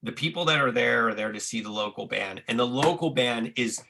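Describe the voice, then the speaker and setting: Gravelly man telling a tour story. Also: mid-range voice, a little fast, pushed and bright. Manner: profane, restarts a lot, acts out quotes. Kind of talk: casual storytelling.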